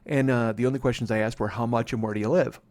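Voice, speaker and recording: A man's voice: mid-range voice, fairly even intonation, quick pace, darkish tone. A man in his forties hosting a podcast alone, rambling and swearing in a casual, self-mocking way. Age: 40s. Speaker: podcast host. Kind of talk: casual solo podcast monologue.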